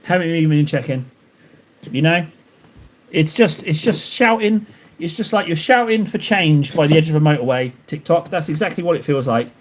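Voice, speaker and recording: A young man rambles to his stream chat while he paints, joking at his own expense. His voice sits a little on the high side, and he talks in loose, looping sentences full of restarts. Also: lively intonation, moderate pace, slight background noise. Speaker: live streamer painting miniatures. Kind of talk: casual live-stream chat.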